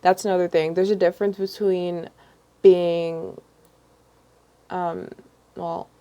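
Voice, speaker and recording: Young woman vlogger, rambling livestream chat, lowish voice, lots of ums. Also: level tone, takes it slowly, dark tone, clear, resonant tone. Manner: rambling, many ums and restarts.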